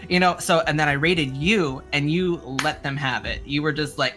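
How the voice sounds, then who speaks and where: A woman's voice: deep voice, fairly even intonation, brisk, few pauses, music in the background. A woman guest on a stream, chatting casually and giggling, trailing off as she searches for words. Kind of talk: casual chat.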